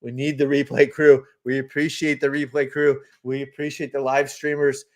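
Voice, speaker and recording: Hosting a live market stream, this man speaks in a mid-range voice at a moderate pace with a level tone. Loose and talkative, he laughs easily, greets viewers by name, and walks through charts while chatting casually.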